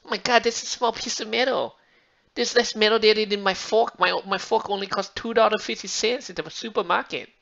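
A man's voice: fairly even intonation, brisk, gravelly, fairly bright tone, lo-fi sound. Man doing a scolding thrifty mother. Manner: high, clipped, exaggerated broken English. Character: penny-pinching middle-aged mother, broken English, scolding.

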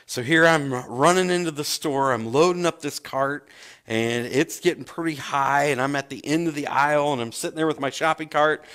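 A man's voice: a little high, normal speed, clean tone. A male pastor preaching a sermon, telling stories and acting out the voices of the people in them. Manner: animated storyteller, acts out voices. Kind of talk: sermon with storytelling.

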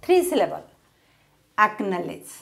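Woman teacher, goes real slow and swoops up and down on words, drills them twice. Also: medium pitch, sing-song, gravelly, a bit bright. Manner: drills each word twice, asks questions and answers them herself. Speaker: English teacher. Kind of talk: slow grammar lesson, repeating words.

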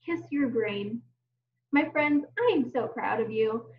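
A woman teaching a phonics lesson to young children, sounding words out slowly and encouraging them. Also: fairly high pitch, lively intonation, roomy sound. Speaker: kindergarten teacher. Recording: distant mic, dull lo-fi sound.

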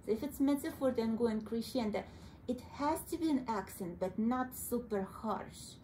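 A woman's voice: a little high, expressive, normal speed, dark tone, slight background noise, poor audio. A woman with a Russian accent teaching a piano lesson, patient and coaxing, calling her student sweetie. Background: piano playing.

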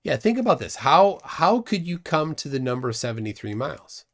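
A man's voice: fairly high pitch, sing-song, moderate pace, fairly bright tone. A man hosting a live stream, mocking and sarcastic as he reacts to the chat. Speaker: host.

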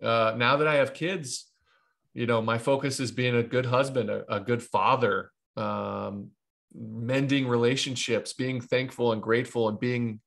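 A man from Ohio in his thirties talks as an interview guest, rambling through baseball stories. He restarts and circles back often. His voice sits at an ordinary pitch. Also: steady tone, unhurried, vocal fry, a bit bright. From Ohio, USA. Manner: rambling, with frequent restarts and asides. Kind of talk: casual interview storytelling.

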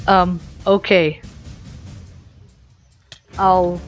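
Giggly, slow-talking woman gamer. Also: medium pitch, muffled recording, faint music behind. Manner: giggly, excitable, squealing outbursts. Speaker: gaming video host. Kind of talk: playful gaming commentary.

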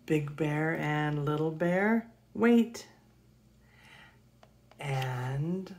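A woman reading a children's picture book aloud in a gentle, expressive way. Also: low voice, extremely slow. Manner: gentle, expressive read-aloud with gasps and soft laughs. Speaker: storybook reader.

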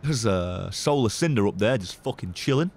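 A man's voice: on the low side, animated, moderate pace, a little mellow. A man streaming gameplay in casual commentary, swearing often, joking and laughing.

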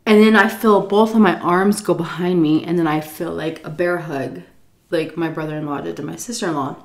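A woman telling a story while eating, animated and profane, jumping into a high voice when she acts out quotes. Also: a little fast, vocal fry, echoey room. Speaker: YouTube storyteller. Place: home, indoors.

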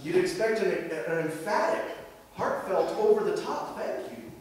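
Thirtysomething guy pastor preaching, high lively voice, big echoey church heard from far back. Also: measured pace, slight background noise. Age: 30s. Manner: conversational, animated preaching with rhetorical questions. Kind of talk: sermon. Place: church sanctuary. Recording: very echoey hall, heard from afar.

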